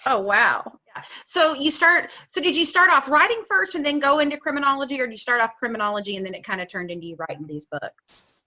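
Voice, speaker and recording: A woman's voice: high voice, expressive, quick pace, sharp tone, no echo. A woman hosting a podcast, chatting casually with her guest and laughing easily. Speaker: podcast host. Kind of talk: casual interview chat. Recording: slightly dull lo-fi sound.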